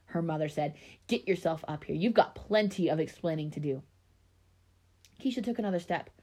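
A woman's voice: on the low side, darkish tone. A woman reading a spooky children's story aloud, with small slips and restarts. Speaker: reader of scary stories.

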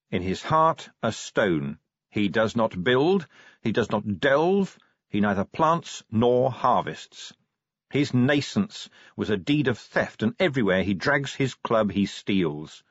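A small hooded dwarf preacher, played by a male audiobook narrator, solemn and hateful. He speaks slowly and with weight, his voice rising and falling. The sound is dry and a bit dull. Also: medium pitch, no room sound. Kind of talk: audiobook character voice.

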